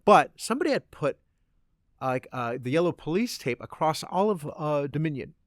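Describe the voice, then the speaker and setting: A man's voice: fairly high pitch, big pitch swings, moderate pace, dry recording, studio quality. A man co-hosting a podcast in casual chat, telling stories with wry, joking asides. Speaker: podcast co-host.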